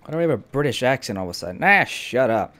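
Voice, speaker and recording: A man's voice: medium pitch, very animated, fast talker, fairly bright tone. A man hosting a casual gameplay video, joking, swearing and talking to himself as he plays. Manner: jokey, swears a lot, talks to himself. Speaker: gameplay host.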